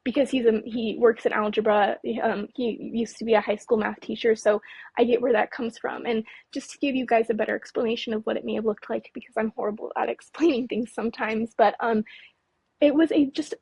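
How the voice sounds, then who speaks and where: A young woman from California, nervous and shaky, tells her story in a breathy, slightly high voice, tripping over words and restarting sentences. Her voice trembles with fear. The sound is dry and close. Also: fairly even intonation, a little fast, a little mellow, no echo, low-quality recording. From California, Mojave Desert. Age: late 20s. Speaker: guest, UFO researcher. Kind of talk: interview, recounting an experience.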